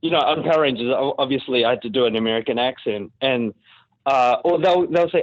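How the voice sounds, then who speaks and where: A man with a New Zealand accent, an actor being interviewed in a casual podcast chat, animated and laughing often. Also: medium pitch, fast talker, no echo. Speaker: actor guest. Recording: dry, phone-like remote call audio.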